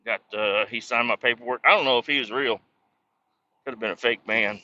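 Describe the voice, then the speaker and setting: A man's voice: medium pitch, brisk, bright, forceful tone, a little hiss or hum. A man, a truck driver, tells a rambling, profane story as a casual monologue from his truck cab. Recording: slightly muffled lo-fi recording.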